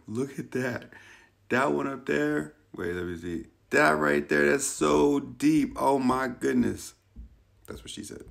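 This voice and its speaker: A man's voice: lowish voice, creaky. An American man telling a funny, self-mocking story about his own mishap in a casual vlog. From United States. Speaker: vlogger.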